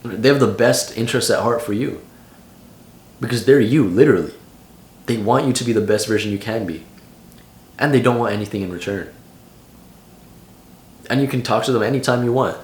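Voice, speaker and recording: A man's voice: medium pitch, a little fast, long pauses, reverberant. A young man in his late teens giving casual vlog advice in a loose, slangy way full of "like". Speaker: vlogger.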